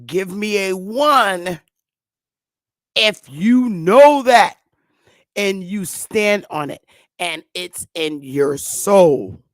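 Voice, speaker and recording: A woman's voice: mid-range voice, expressive, extremely slow, no echo, clean studio sound. A woman host delivering an impassioned commentary monologue, blunt and emphatic, with frequent profanity.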